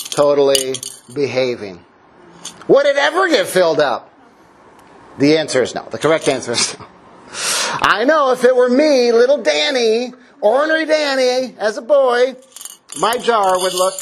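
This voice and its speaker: A man, a father of four, preaching a lively sermon with a playful, joking storytelling manner. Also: a little high, noisy background. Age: adult parent. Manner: playful, jokey storytelling with laughs. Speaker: pastor. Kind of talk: sermon object lesson.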